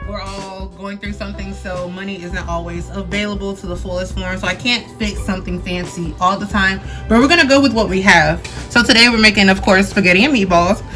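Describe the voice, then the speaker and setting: A woman's voice: mid-range voice, fairly even intonation, a little fast, few pauses. A young woman hosting a casual cooking vlog from her home kitchen, chatting straight to her viewers with easy slang. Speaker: cooking vlogger. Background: background music.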